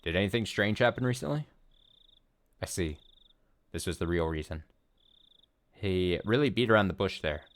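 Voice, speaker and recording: A low-pitched man hosts a let's play, reading a visual novel aloud at a moderate pace and pausing often. Between lines he rambles with excited paranoia.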